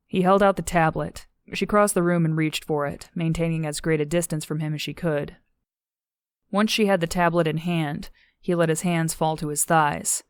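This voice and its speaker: A woman narrating an audiobook in a steady, measured way. Her voice is low. The recording is dry and close, with no room sound. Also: clean tone, dry recording.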